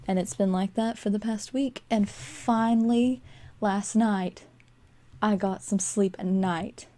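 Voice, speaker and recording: A woman's voice: medium pitch, mellow. A young woman rambling casually as she narrates a game build, sleepy and full of fillers and little laughs. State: sleepy, yawning. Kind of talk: casual voice-over commentary while building. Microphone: desk microphone.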